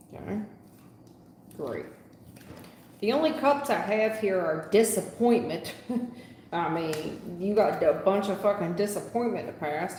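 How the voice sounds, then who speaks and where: In a room with a long, echoing reverb, a tarot reader gives a live reading, her lowish, darkish voice carrying a little hiss or hum. She's sarcastic and scolds in a folksy way.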